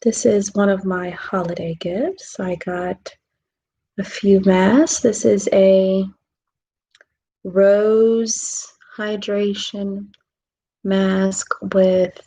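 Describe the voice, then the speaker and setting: A woman vlogger in a relaxed self-care chat, talking softly and drawing out her words, often dropping into a whisper. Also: mid-range voice, husky, poor audio. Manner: slow, drawn-out, soft, drifting into whispers.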